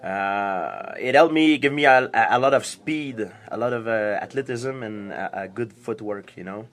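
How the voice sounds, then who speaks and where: A young man answering interview questions in halting, repetitive English, laughing easily. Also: lowish voice, a bit bright. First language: French. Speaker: interviewed fighter. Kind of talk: casual interview.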